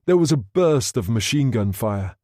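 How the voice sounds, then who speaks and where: A man narrating an audiobook in a measured, steady reading. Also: medium pitch, no echo, clean studio sound. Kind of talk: scripted narration.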